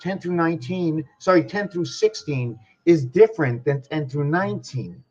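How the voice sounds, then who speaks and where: A man's voice: on the high side, animated, moderate pace, a little mellow. A man giving a musing spiritual monologue who talks ponderously and asks himself questions aloud. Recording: dull lo-fi recording.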